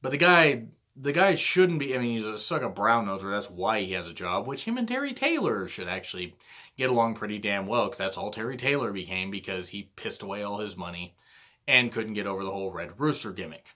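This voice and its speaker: A man's voice: on the low side, expressive, brisk, pushed and bright. A man hosting his own vlog, delivering a blunt, profane ranting monologue. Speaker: vlog host.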